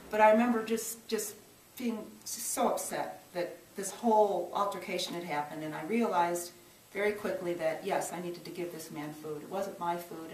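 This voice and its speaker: A woman's voice: fairly low pitch, a little hiss or hum. A middle-aged woman working in church social service, telling a personal story in an earnest, reflective way, with frequent restarts and emphatic rises. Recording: roomy sound from a distance, faint ambience.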